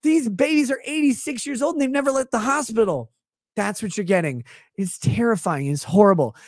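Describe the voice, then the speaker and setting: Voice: mid-range voice, brisk, no echo. A commentator on a livestream show, ranting sarcastically and exasperatedly with plenty of swearing. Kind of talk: profane comedic rant.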